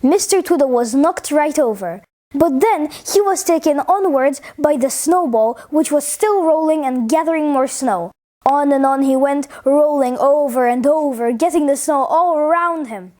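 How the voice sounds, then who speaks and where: A woman reading a funny children's story aloud in an expressive, playful way. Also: high voice, normal speed.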